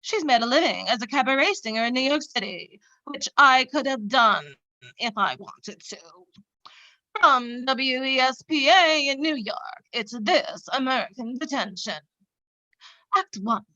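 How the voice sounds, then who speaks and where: An actress playing a vain, self-absorbed radio show host in a comedic parody monologue, boastful and melodramatic, on a dull lo-fi home recording. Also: female voice, sits high, animated, unhurried, bright, forceful tone, no echo, full character voice. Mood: self-important. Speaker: comic actor.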